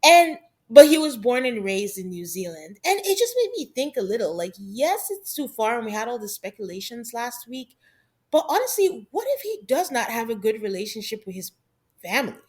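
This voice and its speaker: A woman's voice: on the high side, very animated, moderate pace. A woman co-hosting a podcast, chatting casually through a reality-show recap and laughing often. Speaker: podcast co-host.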